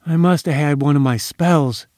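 A man's voice: on the high side, normal speed, a little mellow, dry recording, clean studio sound, close to an everyday voice. A man voicing a frightened small-time male crook who stammers and whines in an audiobook. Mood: stammering. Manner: stammering, whiny, fearful. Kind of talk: audiobook character voice.

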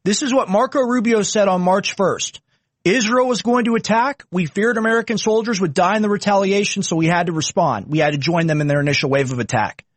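A male talk-show host grilling his guest in a political debate. His voice sits slightly high for a man and sounds dry and close. His questions come pointed and persistent. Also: fairly quick, no echo.

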